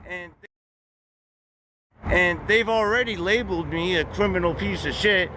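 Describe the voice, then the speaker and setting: A man's voice: sits high, a little slow, sharp tone. Blunt, profane man vlogging with traffic behind. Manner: blunt, profane street talk with wry laughs. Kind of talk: casual street monologue.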